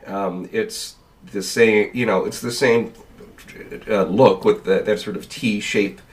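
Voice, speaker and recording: Male podcast co-host, lowish voice, hesitant and casual, a bit off-mic. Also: fairly even intonation, slow pace, recorded from a distance. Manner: hesitant, with stammered restarts. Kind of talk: casual review chat.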